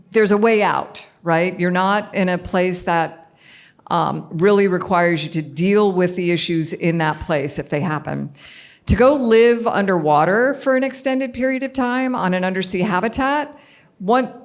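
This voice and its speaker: A woman answering an on-stage question in a casual, explanatory way, often checking in with "right?". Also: lowish voice. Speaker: astronaut guest. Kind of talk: conversational Q&A answer.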